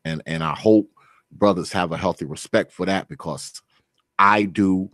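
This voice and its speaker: A man's voice: deep voice, normal speed, a bit bright, dry recording, studio quality. A man hosting a casual online interview, speaking earnestly and gratefully, often repeating himself. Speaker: host.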